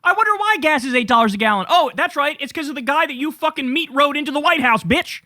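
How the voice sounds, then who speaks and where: A man's voice: very high-pitched, lively intonation, fast talker, pushed and bright, no echo. A man giving political commentary in a sarcastic, mocking, profane tone.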